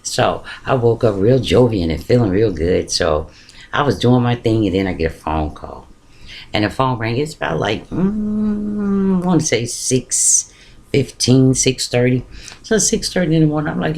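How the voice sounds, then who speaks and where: Man, casual storytelling, colloquial, chatty, mid pitch, animated delivery. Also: normal speed, gravelly.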